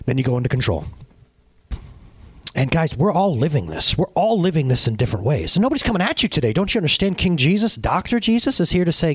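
Speaking fast in a voice on the high side with a slightly rough texture, a thirty-something pastor gives a conversational sermon. He animatedly shares a personal story and addresses the congregation head-on. There's no echo in the recording.

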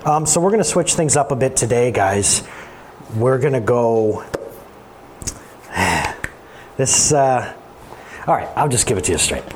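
A man preaching in a church as its pastor, with a conversational style that climbs high when he presses a point. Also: animated, unhurried, pauses often, darkish tone, a little hiss or hum. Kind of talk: sermon. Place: church sanctuary.

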